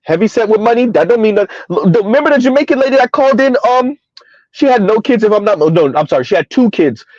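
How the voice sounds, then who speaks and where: A man's voice: sits high, expressive, fast, darkish tone, no echo, lo-fi sound. A man hosting a casual livestream commentary, emphatic and rambling, chuckling between points. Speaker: commentary channel host.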